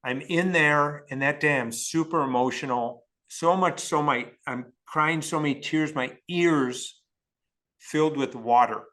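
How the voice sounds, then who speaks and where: Bright-voiced man telling a personal story. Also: a little high, unhurried. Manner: emotional, earnest, restarts sentences often. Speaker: podcast guest.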